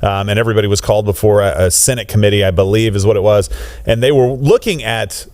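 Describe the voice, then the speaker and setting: A man's voice: on the low side, quick pace, darkish tone, no echo. A man co-hosting a talk show, joking in casual conversation. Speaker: show co-host.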